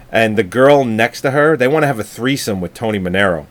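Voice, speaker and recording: A man's voice: on the low side, expressive, brisk. A man co-hosting a casual movie review chat, swearing and laughing as he tells long stories. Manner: laughing, swearing, rambling storyteller. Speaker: podcast co-host.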